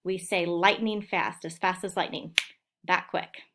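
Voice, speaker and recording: A woman teacher giving a recorded phonics lesson to young children, sounding out words slowly and clearly. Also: fairly low pitch, fairly even intonation, noisy background. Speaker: elementary school teacher.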